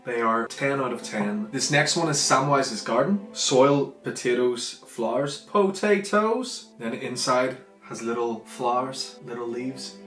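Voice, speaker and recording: A young man with a Northern Irish accent, chatting enthusiastically in a casual food vlog and dropping into softer asides. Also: medium pitch. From Northern Ireland. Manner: chatty, enthusiastic, drifts between loud and soft asides. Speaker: vlogger. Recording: echoey room with faint music.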